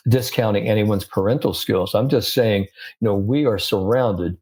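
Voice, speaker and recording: Older man, low voice, chatty interview guest, lots of fillers, lively storyteller. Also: normal speed. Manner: animated storyteller, many "you know" fillers, laughs often. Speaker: sports psychologist guest.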